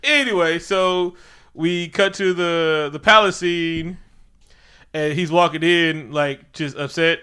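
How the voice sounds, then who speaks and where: A man, co-hosting a casual movie review and retelling scenes with lively quoted voices. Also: a little high, slow pace, clean tone. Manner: animated retelling with acted quotes of characters. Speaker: podcast co-host.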